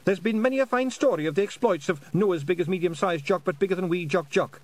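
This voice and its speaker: Male reader doing a tiny Scottish pixie warrior, squeaky high and keen to help, in a storybook. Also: quick pace, darkish tone, lightly acted. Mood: earnest. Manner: earnest, eager to help.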